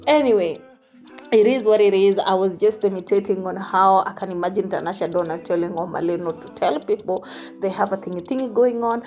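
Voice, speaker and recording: A woman's voice: mid-range voice, brisk, a little mellow, faint music behind. A woman hosting a celebrity gossip vlog, sassy and teasing, often saying honey.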